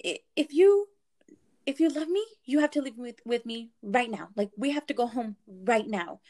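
A woman quoting a jealous young woman who is crying and furious, in a shrill, shouting voice. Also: lively intonation, normal speed, close to an everyday voice. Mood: pleading.

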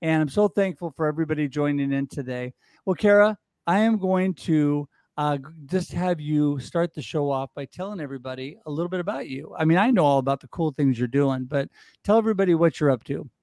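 A man hosts a livestream with motivational enthusiasm. His voice sits high for a man. The sound is dry and close, with no room around it. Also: a little fast, darkish tone, no echo. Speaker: livestream show host. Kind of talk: upbeat promotional livestream talk.

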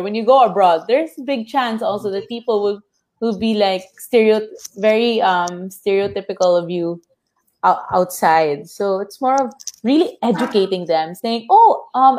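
Lively woman in panel chat. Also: medium pitch, normal speed. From Philippines. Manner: animated, quotes others in lively voices. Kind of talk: casual panel discussion.

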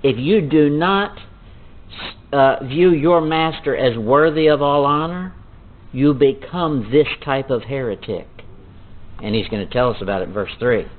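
A man preaching verse by verse, reading scripture in a slow, dramatic way and then explaining it in folksy, chuckling asides. His voice comes through thin and tinny, like a phone line. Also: mid-range voice, slight background noise. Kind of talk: Bible teaching sermon.

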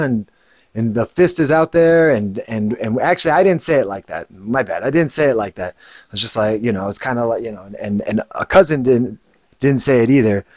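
A man's voice: medium pitch, dry recording, dull audio. A man, a father, telling a casual story in a rambling way, with many restarts and the odd curse word. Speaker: father and show host.

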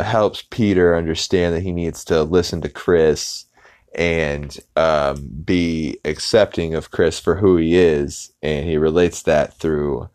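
Low-voiced man rambling through a recap. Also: darkish tone, smooth, no room sound, clean studio sound. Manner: rambling, halting retelling that loosely acts out characters' lines. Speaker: podcast host. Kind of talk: casual episode recap.

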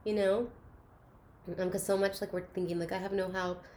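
A woman's voice: medium pitch, flat delivery, moderate pace, a little hiss or hum. Earnest woman speaking openly. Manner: earnest, open, soft-spoken at times. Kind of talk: candid personal chat.

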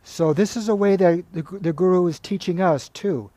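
Retelling stories and reading passages aloud, a male monk delivers a spiritual talk in a calm, measured manner. The recording has no room sound, and his voice sits high.

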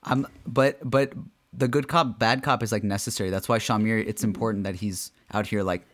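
A man's voice: lowish voice, steady tone, normal speed, fairly bright tone, no room sound. A young man co-hosting a podcast, joking around and laughing often. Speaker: podcast co-host. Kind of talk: casual podcast chat.

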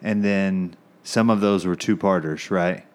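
A man's voice: deep voice, fairly even intonation, a little slow, darkish tone. A middle-aged man hosting a casual podcast chat, laid-back, joking dryly and laughing often. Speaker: podcast host.

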